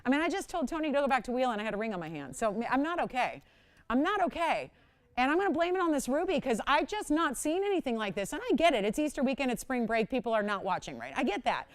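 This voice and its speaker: A woman's voice: sits high, very animated, quick pace. A middle-aged woman hosting a live jewelry shopping show, chatty and self-mocking, laughing often as she talks up each piece. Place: TV shopping studio.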